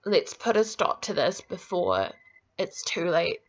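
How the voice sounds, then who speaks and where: A woman's voice: lowish voice, very animated, a little slow. A woman ranting indignantly to camera in a vlog, swearing often and filling her talk with "like". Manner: indignant, swearing, constant "like" fillers. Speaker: vlogger. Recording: dull lo-fi recording.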